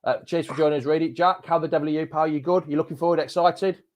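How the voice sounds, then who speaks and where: A chatty man hosts a live fan chat show, full of matey banter. His voice sits a little high for a man, and he rattles along cheerfully. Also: steady tone, fast talker, a little mellow. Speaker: host.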